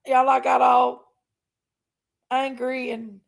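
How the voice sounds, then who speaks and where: Gravelly-voiced woman livestreaming. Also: sits high, flat delivery, slow pace. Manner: reads out viewer names, thanks members, vents about her sister. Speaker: livestream host. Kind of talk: casual livestream chat.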